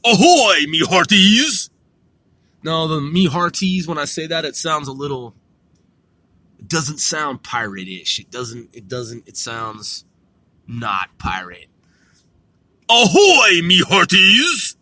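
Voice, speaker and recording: A man's voice: medium pitch, measured pace, bright, forceful tone. A man hosting a podcast in a casual, rambling monologue, laid-back and profane, chuckling often. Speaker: podcast host.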